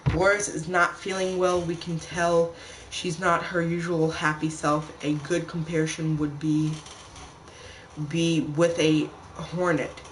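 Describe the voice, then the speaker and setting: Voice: medium pitch, little pitch movement, a little slow, fairly bright tone, a little hiss or hum, rough recording. A gamer doing casual let's-play commentary, chatting to viewers and reading game text aloud. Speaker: gamer playing a survival game.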